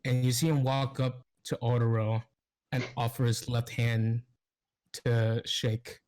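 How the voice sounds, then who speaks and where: A man's voice: mid-range voice, little pitch movement, a little mellow. Guy dm-ing a tabletop game on a voice call, lots of ums, laughs a lot. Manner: halting, many fillers, laughs often. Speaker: game master.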